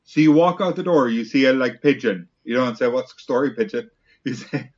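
A young man with an Irish accent, mid-pitched, spinning dry, deadpan little stories among friends. The recording is dull and lo-fi. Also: brisk. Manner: dry, wry storytelling. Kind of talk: casual chat.

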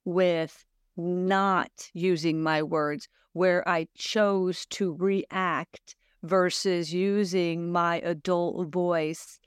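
Slow, earnest woman with a smooth voice. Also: lowish voice, dry recording, clean studio sound. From Sweden. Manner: earnest, searching, full of rhetorical questions. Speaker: podcast host. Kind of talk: reflective solo podcast monologue.

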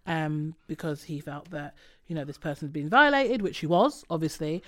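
A woman's voice: deep voice, very animated, moderate pace. A woman co-hosting a casual chat, swearing freely and breaking into mocking impressions. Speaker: podcast co-host.

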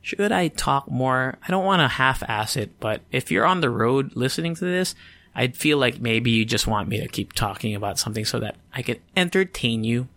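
A man's voice: mid-range voice, fairly bright tone, dry recording. Sleepy man rambling on a podcast. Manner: rambling, swears freely, self-interrupting. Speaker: podcast host. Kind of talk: casual solo podcast chat.

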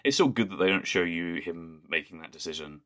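A young Englishman with a very low voice, co-hosting a podcast. He makes wry, dry jokes in casual chat, and his tone comes across bright and forceful. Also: a little fast. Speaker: podcast co-host.

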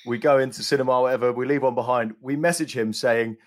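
A man's voice: mid-range voice, fairly even intonation, fast, hardly any pauses. A man guesting on a podcast, telling a prank anecdote in a chatty, casual way. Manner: chatty, laughs through anecdotes. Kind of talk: casual chat, storytelling.

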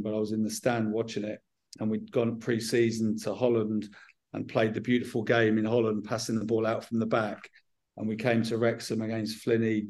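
A middle-aged man with a Southern English accent, a football manager answering interview questions frankly and in a measured way, often restarting his sentences. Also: on the low side, darkish tone. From England.

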